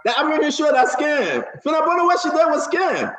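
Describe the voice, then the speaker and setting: A man hosting a political talk show, excitable and mocking, laughing often and repeating his words. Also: very high-pitched, brisk. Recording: roomy, dull lo-fi sound.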